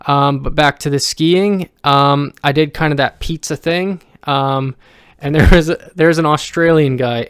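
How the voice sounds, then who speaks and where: Smooth-voiced man rambling with many ums. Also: medium pitch, dry recording, studio quality. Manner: halting, many ums and restarts. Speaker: vlogger. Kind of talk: casual rambling monologue.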